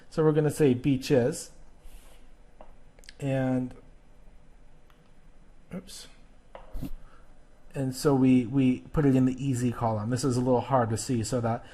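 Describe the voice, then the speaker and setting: A man's voice: mid-range voice, a little mellow. A male teacher explaining an exercise in a recorded video lesson, patient and self-correcting as he goes step by step.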